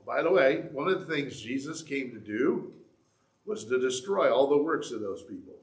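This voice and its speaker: This pastor's sermon comes in an animated, mid-range voice at a moderate pace, echoing around the church sanctuary. He talks to the congregation conversationally, with asides and restarts.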